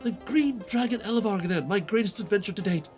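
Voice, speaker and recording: A man's voice: sits high, brisk, a little mellow, soft background music, lightly acted. A man voicing a boastful male impostor who tells grand, made-up adventure stories in a game quest fan voice-over. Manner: grandiose, showy storytelling.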